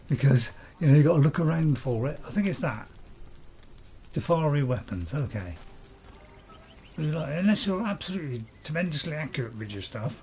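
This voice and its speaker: Chatty man, lively pitch. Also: moderate pace, long pauses, a little hiss or hum. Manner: chatty, rambling, chuckles to himself. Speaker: gaming video host. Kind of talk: casual gameplay commentary.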